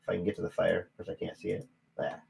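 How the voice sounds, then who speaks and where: A man narrating a tabletop game as game master in a relaxed, easy way. He rambles a little and pauses on fillers as he sets the scene. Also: deep voice, vocal fry, poor audio.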